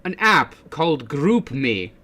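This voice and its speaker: A man's voice: on the high side, big pitch swings, slow, bright, forceful tone. A young man hosting a casual livestream while drawing, talking in a goofy way and slipping into a silly put-on accent. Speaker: livestream host.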